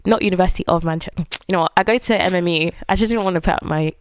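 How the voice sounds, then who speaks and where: A woman's voice: on the low side, rapid-fire, smooth, no echo. A woman in her twenties, a student guest chatting casually and teasing the host. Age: 20s. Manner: relaxed, teasing, laughs easily. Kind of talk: casual podcast chat. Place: Manchester.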